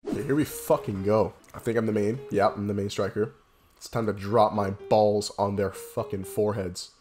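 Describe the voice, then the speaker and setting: A young man giving excitable, profane gameplay commentary, swinging between loud hype yells and low muttering. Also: moderate pace, soft background music. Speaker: gaming YouTuber.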